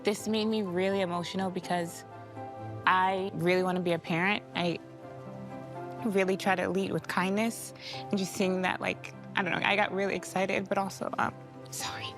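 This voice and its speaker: A tearful young woman giving an emotional personal testimony, speaking haltingly with many fillers. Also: medium pitch, flat delivery, over music. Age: young adult. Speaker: interviewee.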